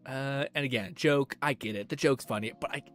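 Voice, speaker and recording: A man's voice: mid-range voice, a little fast, fairly bright tone, faint music behind. A young man streamer giving casual, rambling reaction commentary, laughing and swearing often.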